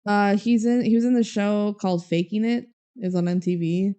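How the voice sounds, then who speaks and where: A woman's voice: medium pitch, fairly even intonation, moderate pace, mellow, clear, resonant tone. A young woman from Minnesota co-hosting a podcast, chatting casually with frequent laughs and fillers. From Minnesota, USA. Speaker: podcast co-host. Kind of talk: casual chat.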